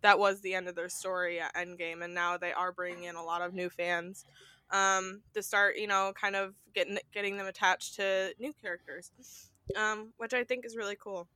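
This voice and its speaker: A woman co-hosting a relaxed film chat show, talking easily and laughing between her points. Her voice is bright and forceful, and the sound is dry and close. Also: mid-range voice, moderate pace, clear, resonant tone, no echo. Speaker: podcast co-host. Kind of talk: casual chat.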